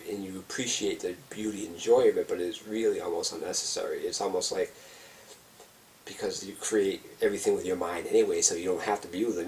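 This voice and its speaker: Casting: man mid-trip, rambling and awed, swears a lot, low voice, recorded off-mic. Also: a little mellow, distant mic, slight background noise. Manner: rambling, awed, heavy swearing, many restarts. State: on psychedelic mushrooms. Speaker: vlogger giving a trip report. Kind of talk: rambling spoken trip report.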